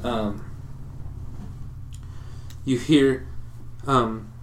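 A man runs a tabletop game in a relaxed, halting way, filling pauses with ums. His voice sits at a middling pitch. The room adds a noticeable echo. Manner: relaxed, halting, many fillers. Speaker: game master. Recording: roomy echo.

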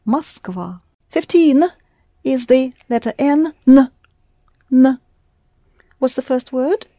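A woman's voice: high-pitched, expressive, slow pace, dark tone, no room sound, studio quality. A woman teaching a language class, patiently prompting her students with questions. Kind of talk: classroom lesson.

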